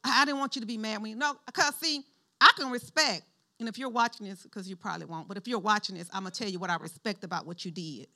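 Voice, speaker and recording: A middle-aged woman pastor giving a sermon in an animated, conversational style, calling on the congregation to respond. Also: on the high side, fast.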